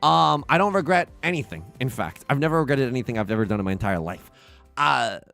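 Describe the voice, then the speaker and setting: A man's voice: mid-range voice, lively intonation, quick pace, gravelly, a bit bright. A young man streaming, chatting casually and rambling with self-mocking jokes while he plays. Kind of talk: casual livestream chat while playing. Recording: faint music behind.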